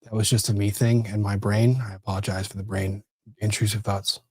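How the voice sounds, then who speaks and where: A man's voice: lowish voice, level tone, brisk, breathy edge, no room sound, studio quality. Rambling man hosting a livestream. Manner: rambling, easily distracted, self-interrupting. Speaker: livestream host. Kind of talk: casual legal commentary livestream.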